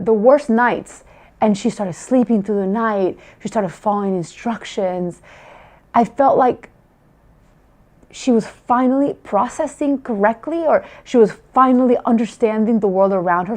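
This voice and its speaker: With a medium pitch and a darkish tone, a woman shares a heartfelt family story as a parent's testimonial. She is emotional and restarts many times.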